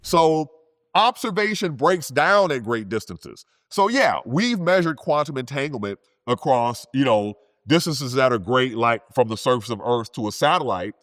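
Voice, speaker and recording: A man, a physicist, telling science stories in a relaxed, conversational way, often adding "you know" and "right?". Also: medium pitch, no room sound, clean studio sound. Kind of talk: storytelling science talk.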